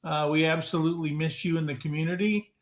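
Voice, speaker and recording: A man's voice: a little high, steady tone, fast, reverberant. A man co-hosting a casual live stream, joking and teasing through easy banter.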